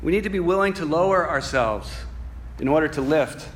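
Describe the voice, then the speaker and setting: A man preaching a sermon, earnest and reflective, moving from soft musing to emphatic passages and reading scripture slowly. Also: on the high side, animated, a little hiss or hum. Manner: reads scripture slowly and deliberately.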